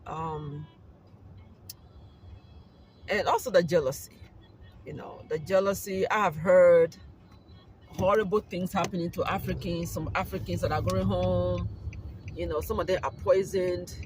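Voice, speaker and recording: Driving on a sunny, windy summer day, a YouTube vlogger from Liberia talks casually to his viewers in a high voice with fairly even intonation. His speech is measured, with long pauses and many "you know" fillers, in Liberian English blended with American. Soft music plays behind him, and the recording quality is low.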